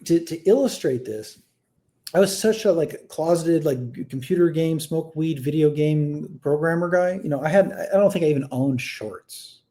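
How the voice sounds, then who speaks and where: A man in his thirties telling a personal story in casual conversation, rambling with many fillers and restarts, swinging between quiet and animated. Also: on the high side, moderate pace.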